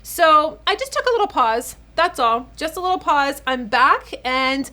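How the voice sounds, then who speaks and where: A woman in her forties hosts a casual beauty vlog, talking straight to the camera at home. Her voice sits a little high, and she talks in a chatty, emotional way, a bit teary, calling her viewers ladies. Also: animated, a little slow, bright, forceful tone. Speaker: beauty channel host, esthetician.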